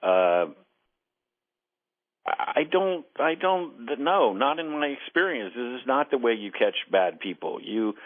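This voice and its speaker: Calling in as a radio guest over the phone line, this former intelligence case officer has a medium-pitched voice with lively intonation. His manner is earnest and measured, and he tends to repeat words when starting a thought.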